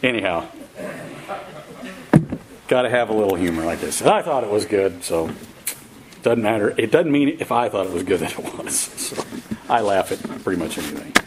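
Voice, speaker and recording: A man's voice: on the low side, animated, normal speed, pauses often, noisy background. A man preaching a sermon in a casual, folksy way, with fillers and chuckles at his own jokes before turning to scripture. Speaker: pastor.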